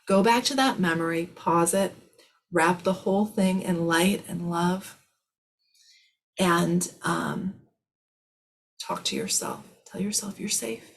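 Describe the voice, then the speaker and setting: Gravelly low-voiced woman, soothing spiritual talk. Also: fairly even intonation, slow pace, a little hiss or hum. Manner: soothing, reassuring, drifts into soft whispers. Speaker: spiritual channeler and healer answering questions. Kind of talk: live spiritual Q&A.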